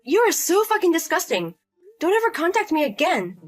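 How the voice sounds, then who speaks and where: A woman's voice: sits high, big pitch swings, moderate pace, faint music behind. A woman voicing a fed-up young wife who answers bluntly and sharply. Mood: disgusted. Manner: sharp, blunt, repeating herself. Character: fed-up young wife standing her ground.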